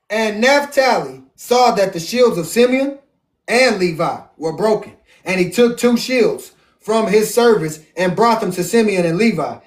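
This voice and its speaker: A man, teaching the Bible in a casual, animated, joking way, drawing out words for emphasis, his voice going hoarse. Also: high-pitched. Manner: animated, jokey, drawn-out emphasis. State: losing his voice. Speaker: preacher. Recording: echoey room, far from mic.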